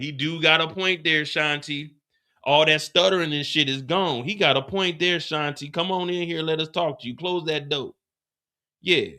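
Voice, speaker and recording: A man hosting a live TV after show, recapping an episode in animated, casual talk with stammered restarts and swearing. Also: on the high side.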